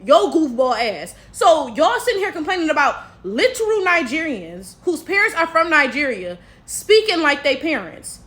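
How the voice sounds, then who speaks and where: A woman's voice: sits high, big pitch swings, moderate pace, hardly any pauses, fairly bright tone. An American woman giving a blunt, profane commentary rant to her viewers, full of rhetorical asides. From United States. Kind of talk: casual commentary vlog.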